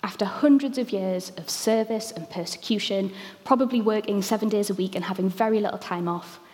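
A woman's voice: mid-range voice, fairly quick, a little mellow. A woman, preaching a conversational sermon with frequent ums. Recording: long hall reverb.

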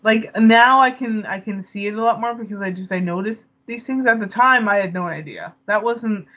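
A woman's voice: medium pitch, normal speed, fairly bright tone. Chatty woman on a dull lo-fi line. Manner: chatty, laughs often, many fillers. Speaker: podcast co-host. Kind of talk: casual film discussion.

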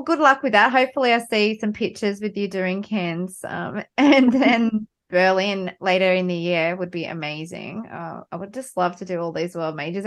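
An Australian woman hosts a podcast in a relaxed, chatty way. She laughs often between her questions. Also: mid-range voice. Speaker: podcast host. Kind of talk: casual interview.

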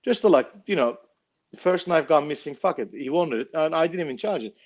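A knife maker telling a story casually, blunt and swearing freely. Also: male voice, on the high side, lively intonation, brisk, highs cut off.

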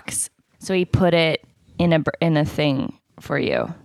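A woman with a slightly low voice chats casually on a podcast, playful and curious, asking question after question. The sound is dry and close, with no room in it. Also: wildly swooping pitch, unhurried, creaky, a little mellow, dry recording. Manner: playful, laughs often, asks lots of questions. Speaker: podcast co-host. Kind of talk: casual chat.

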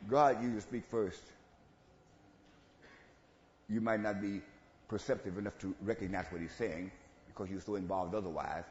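A man preaching an animated sermon, swinging between hushed asides and loud calls to the congregation. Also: moderate pace, pauses often, a little hiss or hum. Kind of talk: call-and-response sermon. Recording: roomy, dull low-fi church recording with faint ambience.

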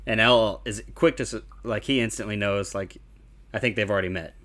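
A man casually chatting on a podcast, calmly summarizing plot points with plenty of uhs and likes. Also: on the low side, fairly quick. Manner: relaxed, plot-summarizing with lots of fillers. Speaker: podcast co-host. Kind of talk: casual chat recapping an anime.

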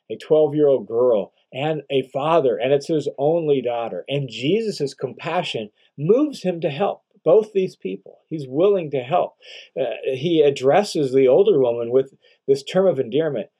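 A man giving a conversational Bible commentary as teacher, explaining in a relaxed way with asides and rhetorical questions. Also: a little high, slightly rough.

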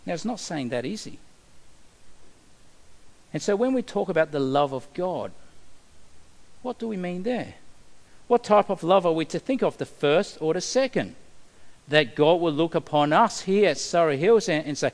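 A man preaching a sermon, animated and asking his congregation questions. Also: a little high, measured pace, pauses often. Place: church hall. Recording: long hall reverb.

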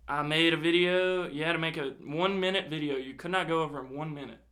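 Talking quickly in a fairly high voice, this young man relays something that happened to him in a casual way. His retelling is lively, peppered with frequent swearing and performed snippets of what people said.

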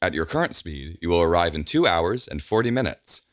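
Man doing a chill ai helper voice, super deep and steady, precise. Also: fairly quick, dry recording, studio quality. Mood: matter-of-fact. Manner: even, precise. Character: calm helpful AI assistant.

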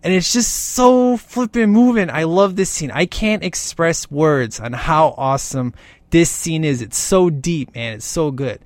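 A man talking casually and with excitement through a movie's scenes, gushing as he goes and often tagging "man" onto his lines. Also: fairly high pitch, a little slow, no room sound. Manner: gushing and animated, keeps saying "man". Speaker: film commentator.

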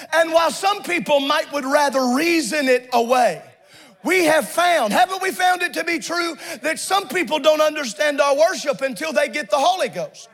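A man pastor preaching a fiery sermon in a church, often shouting in a rhythmic preaching cadence. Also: very high-pitched. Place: church sanctuary with congregation.

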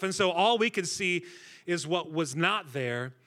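Guest preacher, man, bright forceful tone, slightly high voice, jokes with the room. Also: measured pace. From Centralia, Illinois. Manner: energetic, joking, talks with the crowd. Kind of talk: sermon. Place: church stage before a congregation.

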